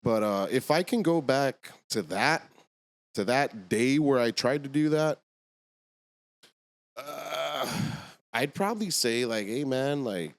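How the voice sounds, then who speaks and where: A man, a podcast guest, talking in relaxed slang in a casual chat. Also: mid-range voice, takes it slowly. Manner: laid-back slang, calls people dog and bro.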